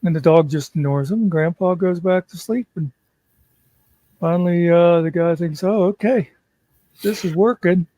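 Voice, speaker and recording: A man's voice: high-pitched, moderate pace, dark tone, dry recording. A man co-hosting a casual chat, telling a long joke in a leisurely storytelling way. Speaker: co-host.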